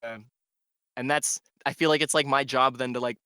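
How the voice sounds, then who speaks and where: A DJ guest on a casual podcast meanders through a long story full of "like," speaking at normal speed with fairly even intonation. His medium-pitched voice is bright, forceful, clear and resonant, and the clean studio recording has no echo.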